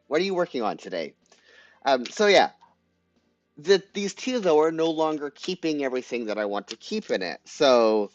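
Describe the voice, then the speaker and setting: A man's voice: mid-range voice, dry recording. Chatty Canadian man, dull dry audio. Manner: chatty, giggly, addresses viewers by name. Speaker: livestream host. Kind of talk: casual live planning chat.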